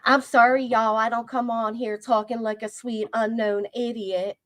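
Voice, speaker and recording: Brief: abrasive middle-aged woman from Philadelphia with a Philly accent, slightly high voice, loud and profane streamer rant. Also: little pitch movement, moderate pace. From Philadelphia, USA. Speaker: livestream host. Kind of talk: heated livestream rant.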